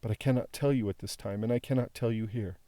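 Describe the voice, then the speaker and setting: A man's voice: on the low side, quick pace, mellow, no room sound, lightly acted. A man reading the part of a young woman who speaks tenderly and imploringly. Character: tender young woman pleading with her father.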